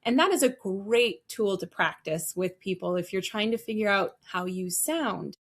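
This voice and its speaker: A woman who trains customer service staff, answering interview questions in an energetic, emphatic coaching tone. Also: medium pitch, moderate pace.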